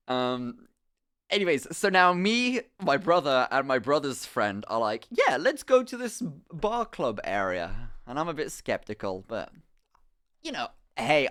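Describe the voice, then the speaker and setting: A young man, streaming live and telling a story in an animated, rambling way, swearing often and breaking off into asides. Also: medium pitch, clean tone. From England. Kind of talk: casual storytelling to a live chat.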